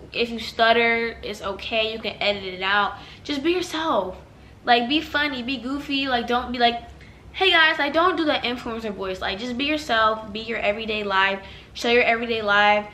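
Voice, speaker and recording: A woman's voice: mid-range voice, pushed and bright, slight background noise. A young adult woman giving casual vlog advice to new YouTubers, chatty and loose, full of "like" and "y'all". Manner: chatty, heavy use of "like" and "y'all". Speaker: YouTuber giving channel tips.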